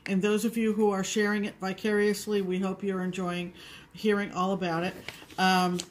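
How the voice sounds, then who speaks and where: A woman co-hosting a cross-stitch show, chatting casually to viewers in a measured, halting way with many pauses. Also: mid-range voice, little pitch movement.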